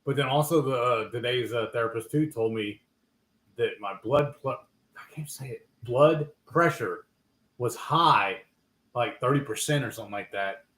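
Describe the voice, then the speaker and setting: A man's voice: medium pitch, normal speed, fairly bright tone. Male livestream host, loose rambling chat, roomy sound. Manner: rambling, self-correcting, trails off. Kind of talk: casual chat.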